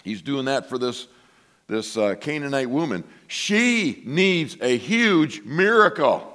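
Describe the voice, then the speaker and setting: A man preaching a sermon to his congregation, telling a story with lively asides and acting out the voices of the people in it. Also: mid-range voice, takes it slowly. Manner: animated storytelling, acts out quoted voices. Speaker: pastor.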